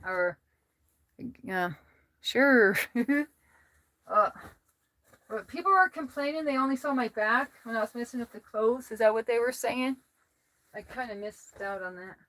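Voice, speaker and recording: Chatty American woman, bright voice. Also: a little high, animated, a little slow, pauses often, no room sound. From United States. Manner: chatty, laughs often, talks to her cats. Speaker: livestreamer. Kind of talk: casual livestream chat, reading viewer comments aloud. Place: at home.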